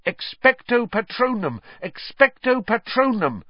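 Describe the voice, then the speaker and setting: Man playing a desperate teen boy wizard, shrill strained yells, lively pitch, muffled dry audio. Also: a little slow, slightly rough, dry recording, full character voice. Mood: desperate shouting. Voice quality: high strained yelling. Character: panicked teenage boy wizard, desperate, shouting.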